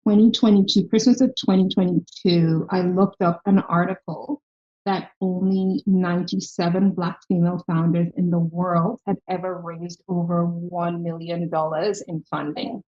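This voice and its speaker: A fairly low-pitched woman with a softened Irish accent speaks as a podcast interview guest, telling her story earnestly. The audio is a little dull and lo-fi. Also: moderate pace. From Ireland. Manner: earnest storytelling, lively quoted voices. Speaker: guest, health tech founder.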